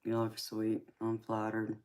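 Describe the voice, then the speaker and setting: A woman's voice: extremely low pitch, completely flat delivery, measured pace, darkish tone. A woman with a Southern American accent chatting casually with viewers on a live stream, affectionately calling them honey and sweetheart and laughing often. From California, raised in Georgia. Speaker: tarot reader and live stream host.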